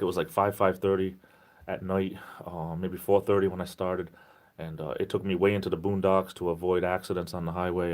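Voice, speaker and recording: Low-voiced rambling man. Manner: rambling, self-deprecating joker. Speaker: livestream host. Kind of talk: casual chat reading viewer comments.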